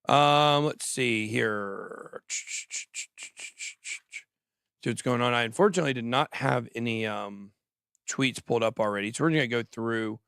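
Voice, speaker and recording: Gravelly rambling male crypto host. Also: mid-range voice, fairly bright tone, no echo, studio quality. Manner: rambling, quick, jokey, trails off. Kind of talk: casual livestream chat.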